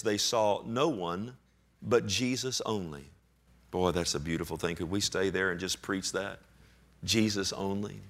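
Animated male preacher, low voice. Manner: animated preaching, swings from hushed to loud; reads scripture aloud with slow emphasis. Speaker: pastor. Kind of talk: sermon.

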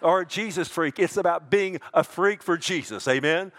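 A man preaching a sermon, calling his listeners "loved one", dropping to hushed tones and rising to loud emphatic peaks, with frequent restarts. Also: moderate pace. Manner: swings between hushed lows and loud emphatic highs; addresses listeners as "loved one", asks "amen?". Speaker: pastor.

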